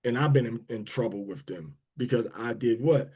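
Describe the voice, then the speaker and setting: A man's voice: mid-range voice, moderate pace, a little mellow, breathy edge. A man, talking casually to an online audience, rambling with restarts and drawling words for emphasis. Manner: rambling and conversational, with many restarts. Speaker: speaker of a prayer and teaching livestream.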